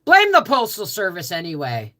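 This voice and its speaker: A woman's voice: lowish voice, huge pitch swings, moderate pace, bright, forceful tone. A Canadian woman hosting a casual homestead livestream, greeting viewers by name in a chatty way, just out of bed. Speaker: livestream host.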